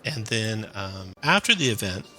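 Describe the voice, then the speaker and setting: A man narrating a tabletop game as game master, in a relaxed, loose way with fillers. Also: on the low side, normal speed, slight background noise.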